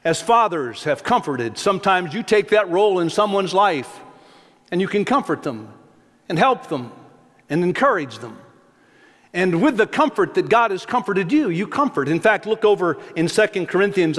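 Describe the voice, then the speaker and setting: This middle-aged male pastor preaches with folksy storytelling, often restarting by repeating words. He has a high, fairly bright voice that is very animated at a moderate pace, echoing with long reverb through the church sanctuary.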